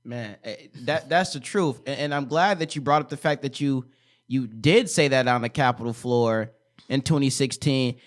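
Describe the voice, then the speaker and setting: A man's voice: mid-range voice, normal speed. A man hosting a podcast interview, speaking in an encouraging, preacherly way. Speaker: podcast host.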